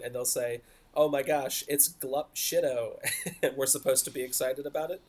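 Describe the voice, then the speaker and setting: A man co-hosting a podcast, explaining at length in a casual, talkative way and laughing often. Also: medium pitch. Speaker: podcast co-host.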